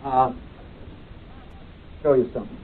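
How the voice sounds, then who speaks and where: On a tinny old tape recording, a man teaches a Bible class, reading scripture aloud and then quizzing his students. His voice is mid-range and a little slow, with a little hiss or hum on the tape.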